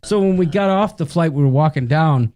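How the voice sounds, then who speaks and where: A man's voice: a little high, fairly quick, darkish tone. A man co-hosting a live cruise show, chatting casually, telling stories and reading out viewer comments. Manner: chatty storyteller, reads viewer comments aloud. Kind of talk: casual live-stream chat.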